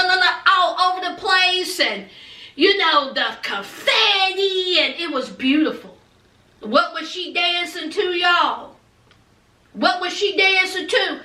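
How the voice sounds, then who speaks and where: Speaking slowly in a very high, sharp voice, a woman vlogger recaps a TV episode with animated, dramatic chattiness. She acts out the characters' lines and keeps calling the listener "honey" and "child." She sounds roomy and a little off-mic, far from the microphone.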